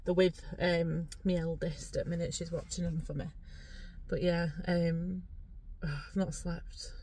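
A woman's voice: lowish voice, flat delivery, measured pace, mellow, breathy edge. Giggly woman rambling in a car. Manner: rambling, giggly and salty-tongued. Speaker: vlogger. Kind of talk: casual chat to camera. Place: parked car, driver's seat.

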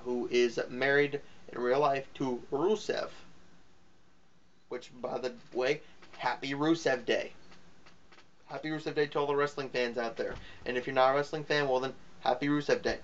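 A man's voice: medium pitch, fairly even intonation, moderate pace, fairly bright tone. Offhand rambling man, muffled lo-fi recording. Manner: rambling and offhand, with fillers and self-corrections. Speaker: film reviewer. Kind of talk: casual spoken movie review.

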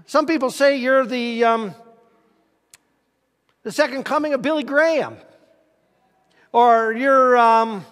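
A male pastor gives a folksy, conversational sermon and pauses to ask his congregation questions. His voice sits noticeably high for a man. The sound carries the long reverb of a church sanctuary. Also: fairly bright tone.

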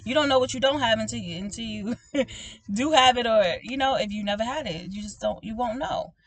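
A woman preaching informally to her online viewers, animated and emphatic, often asking "okay?" and calling them "baby", with frequent laughs. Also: a little high, brisk. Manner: laughs often, swinging between loud exclaiming and soft talk. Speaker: prophetic minister speaking to online viewers.

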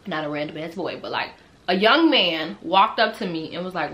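A young woman telling a personal storytime on her channel in a casual, animated way, laughing, swearing freely and talking straight to her viewers. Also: on the low side, normal speed. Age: young adult. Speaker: storytime vlogger.

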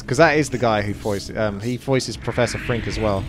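A man with a low-ish voice rambles through casual game commentary, thinking aloud as he plays. He wanders between thoughts and curses now and then. Game music runs behind him. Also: normal speed, few pauses. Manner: rambling, musing, swears. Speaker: gamer. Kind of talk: let's play commentary.

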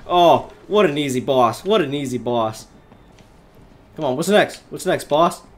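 Excitable high-voiced gaming commentator, man. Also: a little slow. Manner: excitable, loud exclamations and laughs. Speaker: gaming YouTuber. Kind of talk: live gameplay commentary. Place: his bedroom.

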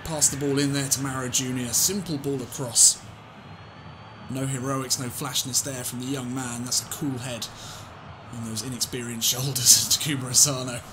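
Man, excitable game commentary, mid-pitched voice, noisy home mic. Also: normal speed. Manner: excitable, swings from calm muttering to shouting and laughing. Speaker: gaming YouTuber. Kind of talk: let's-play football game commentary.

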